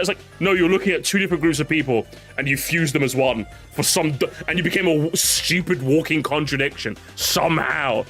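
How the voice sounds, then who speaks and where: A man streaming and reacting to his chat in casual commentary, excitable, laughing often and swearing casually. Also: fairly high pitch, a little fast, faint music behind.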